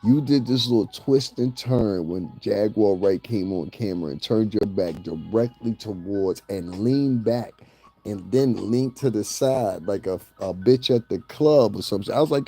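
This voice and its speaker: Male gossip vlogger with a mellow voice, mocking and ranting, laughs at his own jokes. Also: fairly low pitch, measured pace, husky, faint music behind. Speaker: celebrity gossip commentator. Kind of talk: profane ranting commentary.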